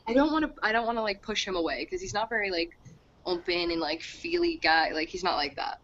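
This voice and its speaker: A woman's voice: mid-range voice, very animated, fairly quick, a bit bright. A young woman telling a long personal story on a video call, rambling and chatty, with lots of "like". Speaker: group member. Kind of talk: casual video chat. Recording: dull lo-fi video call audio.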